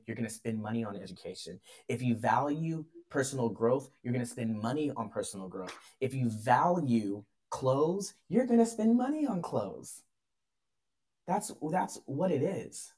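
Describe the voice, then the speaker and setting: A man's voice: mid-range voice, darkish tone. A man talking as a mindset coach guest in a casual podcast conversation. He is earnest, repeats his phrases and often checks in with "right?".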